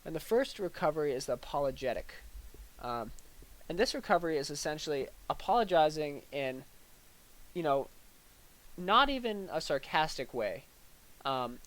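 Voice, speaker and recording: In a rough recording, a young man with a medium-pitched voice spoofs a lecture in deadpan style. His mock-serious delivery is hesitant and packed with fillers, broken up by brief acted-out asides.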